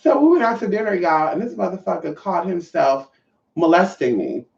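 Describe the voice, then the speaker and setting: A woman's voice: on the low side, very animated, moderate pace, vocal fry, darkish tone. Trans woman telling a story to her viewers, sassy and cussing, calls everyone honey, echoey dull recording from a bit far off. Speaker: vlogger. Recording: echoey, distant, dull sound.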